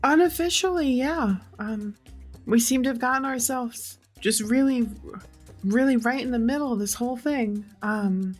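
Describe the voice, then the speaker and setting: A woman's voice: fairly high pitch, normal speed, faint music behind. A woman playing a tabletop game, talking casually with many fillers. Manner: hesitant, lots of fillers. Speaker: player.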